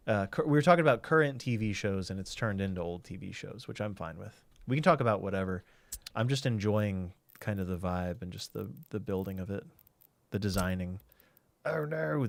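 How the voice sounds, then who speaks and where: A man's voice: on the low side, gravelly, no room sound. A man streaming a game, chatting casually and thinking aloud while he answers chat.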